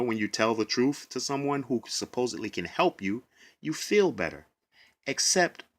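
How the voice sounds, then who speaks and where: A man's voice: medium pitch, fairly bright tone. A man who works as a bus driver tells his own story of trouble at work, emotional and acting out what others said. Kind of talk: personal testimony to camera.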